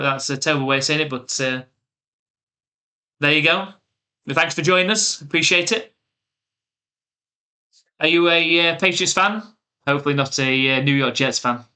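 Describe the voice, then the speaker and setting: A man's voice: fairly high pitch, bright, forceful tone. A man with an English accent from the UK, giving live play-by-play commentary and chatting casually with stream viewers.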